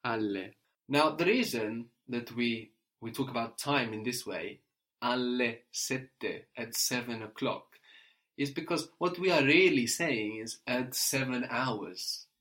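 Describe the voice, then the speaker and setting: A man's voice: mid-range voice, animated, unhurried, fairly bright tone. A man teaching a spoken language lesson, patient and explanatory, who often tags his sentences with a questioning "no?".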